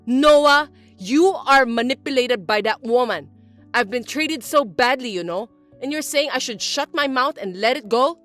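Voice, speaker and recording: A woman voicing a spiteful middle-aged mother-in-law who scolds and complains loudly in an animated text story. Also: high-pitched, moderate pace, soft background music. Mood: complaining. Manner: accusing, loud, whiny.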